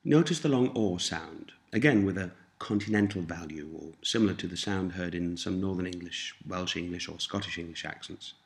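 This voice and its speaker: A man teaching a language lesson, saying each word slowly and repeating it for listeners to copy. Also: low voice. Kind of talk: slow scripted language lesson.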